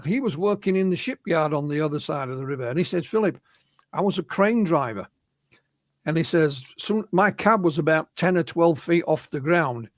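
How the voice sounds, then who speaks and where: A man's voice: on the high side, lively intonation, moderate pace, no room sound, studio quality. A man with an English accent, an interview guest who recounts witness stories in a conversational way, quoting people in his own voice, with many fillers and restarts. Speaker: interview guest, UFO researcher. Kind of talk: conversational storytelling.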